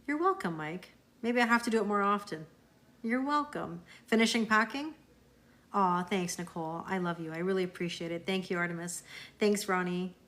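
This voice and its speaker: A woman's voice: mid-range voice, normal speed. Canadian lady on a tarot livestream, thanking viewers and chatting, laughs a lot, normal mid voice. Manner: warm, chatty, reads out and answers viewer comments, laughs often. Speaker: tarot reader live-streaming. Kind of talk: casual live-stream chat with viewers.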